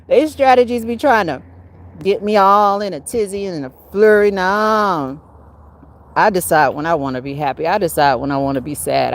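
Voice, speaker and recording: A woman hosting her own livestream, talking casually and preachily about spiritual warfare, laughing often and swinging from loud bursts down to low mutters. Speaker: livestream host.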